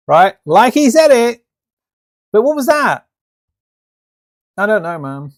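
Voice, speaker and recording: A man's voice: sits high, sing-song, takes it slowly, long pauses. A man hosting a live stream, rambling and ranting about a game trailer in casual reaction commentary. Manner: rambling, ranty, lots of restarts and fillers.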